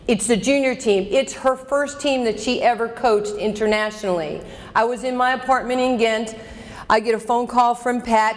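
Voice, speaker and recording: Emphatic woman giving a motivational keynote. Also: a little high. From New York. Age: 50s. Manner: emphatic, direct, calls out audience members. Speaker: keynote speaker. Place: banquet hall at a luncheon. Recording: echoey banquet hall.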